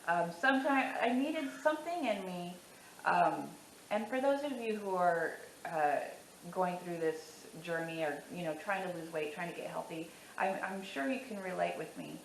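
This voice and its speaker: A woman's voice: fairly low pitch, moderate pace, gravelly, echoey room, slight background noise, low-quality recording. A woman talking candidly to camera about her weight loss, emotional and teary, repeating herself for emphasis. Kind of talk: casual to-camera vlog.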